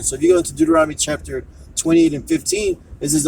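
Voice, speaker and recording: A man's voice: on the high side, huge pitch swings, fast, vocal fry, few pauses, a little mellow, recorded from a distance, slight background noise, rough recording. A man telling a rambling story in a casual discussion, with coarse language. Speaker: discussion participant.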